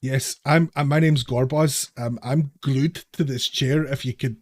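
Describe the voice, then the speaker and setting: A man's voice: medium pitch, fairly even intonation, measured pace, darkish tone, close to an everyday voice. A man voicing a nervous male gnome who is stuck to a chair and pleading for help. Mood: flustered pleading. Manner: pleading, flustered.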